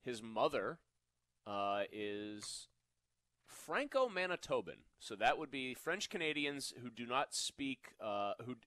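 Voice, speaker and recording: A man's voice: mid-range voice, very animated, takes it slowly, pushed and bright, no echo. A man co-hosting a sports radio show, talking casually and laughing easily.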